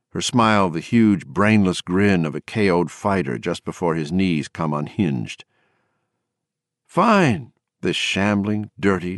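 A man narrating a novel in a very low, deep voice. His reading is measured and steady, with dramatic weight placed on the scene. The recording is close and dry, with no room sound. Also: no room sound. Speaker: audiobook narrator. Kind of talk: scripted narration.

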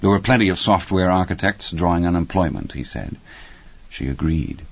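Man, audiobook narration, very deep voice, steady measured reading, dry slightly muffled recording. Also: vocal fry, husky, no echo. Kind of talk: scripted narration.

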